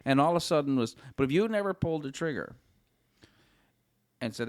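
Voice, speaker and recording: A man's voice: fairly high pitch, animated, brisk, smooth, dry recording, studio quality. A man talking as a podcast guest, earnest and encouraging, repeating his points for emphasis. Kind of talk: casual conversation.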